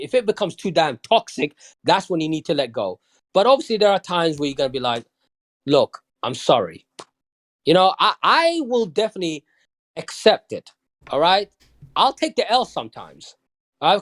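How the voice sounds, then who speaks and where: A man from London, a podcast guest in casual chat, talking bluntly with plenty of swearing and often asking if you understand. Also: a little high.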